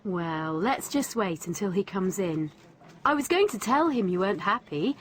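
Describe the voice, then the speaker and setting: An actress playing an expressive young woman who reacts with gasps and exclamations in a scripted English learning radio drama. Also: mid-range voice, moderate pace, slight background noise, close to an everyday voice. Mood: animated.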